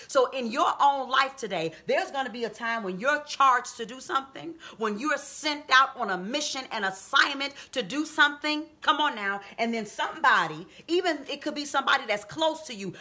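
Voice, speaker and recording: A woman preaching a sermon, reading scripture and explaining it, then rising to high, emphatic calls to her listeners. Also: expressive, normal speed, few pauses, sharp tone. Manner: reads scripture and explains it conversationally. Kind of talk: sermon on a live video stream.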